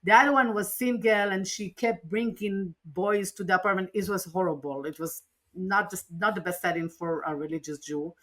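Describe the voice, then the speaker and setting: In a medium-pitched voice at a moderate pace, a podcast interview guest recounts something from her own life. She comes across as earnest and animated, often beginning sentences again.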